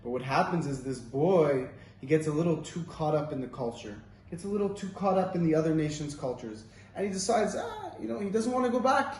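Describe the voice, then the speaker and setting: A man's voice: on the high side, sing-song, fairly quick, hardly any pauses, a little mellow, slight background noise. A man giving an informal Torah talk, telling stories in a casual, rambling way with many fillers. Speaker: Torah teacher. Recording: roomy, distant mic, faint ambience.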